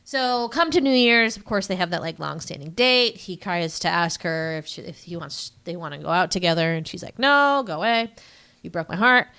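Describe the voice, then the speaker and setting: A woman's voice: fairly low pitch, brisk, gravelly, few pauses, fairly bright tone, clean tone. A young woman co-hosting a podcast, recapping a film in casual, rambling chat full of fillers. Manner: rambling, filler-heavy retelling with acted quotes. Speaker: podcast co-host.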